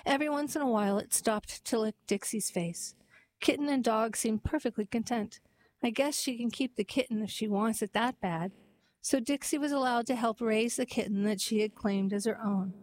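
A woman narrating a heartwarming story and then reading a poem aloud in a gentle, even storytelling manner. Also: fairly high pitch, poor audio.

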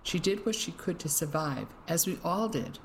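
The narrator voicing a calm male village priest who speaks slowly and soothingly. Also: vocal fry, slight background noise. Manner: slow, soothing and low.

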